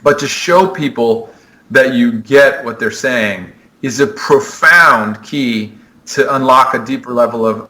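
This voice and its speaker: A man with a mid-range, pushed, bright voice speaks on a low-quality recording. He's a sport psychologist in a podcast interview, earnestly explaining his ideas in a conversational way and often restarting his sentences.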